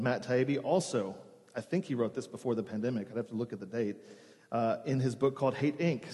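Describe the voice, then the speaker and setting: A man's voice: mid-range voice, mellow. A male pastor preaching a sermon in an earnest, conversational way, sometimes restarting words. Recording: long reverb in a church hall.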